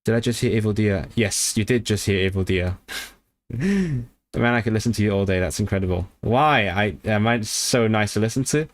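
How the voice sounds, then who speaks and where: Casual livestream talk about language learning comes from a man with a fairly low voice, who muses aloud, frequently starts over, and gets briefly excited.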